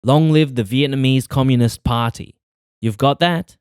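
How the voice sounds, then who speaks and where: A man voicing a harsh male party enforcer who shouts orders at the crowd, in an audiobook reading. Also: medium pitch, moderate pace, smooth, no echo, studio quality, close to an everyday voice. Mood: commanding. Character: harsh male former school cleaner turned party enforcer.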